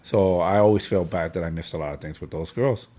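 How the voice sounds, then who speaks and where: Casual podcast host, male, fairly low voice, candid and rambling storyteller. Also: a little fast, warm tone. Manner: emotional storytelling, frequent filler and slang. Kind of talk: casual chat among friends.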